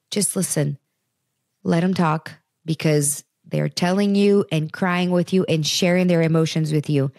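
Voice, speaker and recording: A woman's voice: lowish voice, darkish tone, no room sound, clean studio sound. Earnest woman giving parenting advice. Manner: earnest, conversational, addresses listeners directly. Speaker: podcast host.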